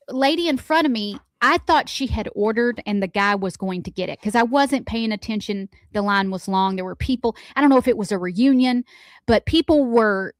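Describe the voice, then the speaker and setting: A woman co-hosting a morning radio show. She tells animated stories about her day in a fairly high voice, poking fun at herself as she goes. The sound is close and dry in the studio. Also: no echo. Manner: chatty, animated anecdotes, self-deprecating. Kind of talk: casual storytelling chat.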